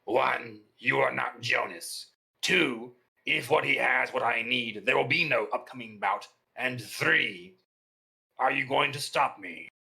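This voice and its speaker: A man playing a tabletop role-playing game, speaking in a measured, curt way. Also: mid-range voice, vocal fry, sharp tone, low-quality recording. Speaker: player.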